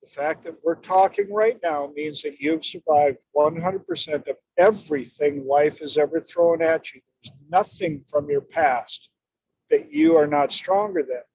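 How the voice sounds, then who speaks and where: A man telling stories and coaching in an emphatic, expressive way during a conversation. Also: a little high, unhurried, husky, no echo. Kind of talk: storytelling in conversation. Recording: dull lo-fi dry audio.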